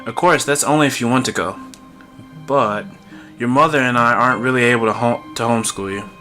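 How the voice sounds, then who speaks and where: A man voicing a gentle middle-aged father who talks in a soothing, persuasive way. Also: medium pitch, fairly quick, faint music behind, natural voice. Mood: coaxing.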